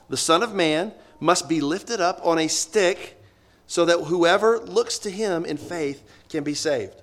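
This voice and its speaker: Guy preaching a sermon, kinda high voice, leans hard on big words then drops real quiet. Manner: emphatic, drawn-out stresses on key words; swings between loud emphasis and low, quiet asides.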